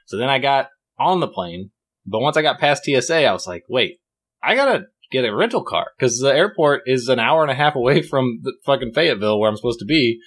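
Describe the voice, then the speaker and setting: A man's voice: mid-range voice, expressive, brisk, fairly bright tone, breathy edge. A young man telling a rambling story to friends, swearing freely and acting out quotes. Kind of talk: casual chat with friends.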